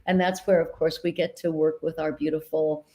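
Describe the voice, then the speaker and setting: A woman dialect coach talking in a casual interview, earnest and animated as she tells stories, over a video call mic. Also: low voice, brisk. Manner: animated, earnest storyteller with sudden bursts of laughter. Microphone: video call microphone.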